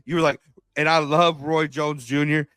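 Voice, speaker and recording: A man co-hosting a casual podcast, telling animated stories, acting out quotes, swearing and laughing often. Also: a little high, normal speed, clear, resonant tone. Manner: slangy, swears. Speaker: podcast co-host. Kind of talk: casual chat.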